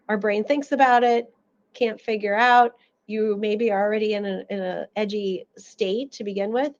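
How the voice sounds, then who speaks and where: A woman's voice: medium pitch, dull audio. A woman audiologist giving an educational seminar, telling stories and acting out little quotes as she explains. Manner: animated storytelling with acted-out quotes.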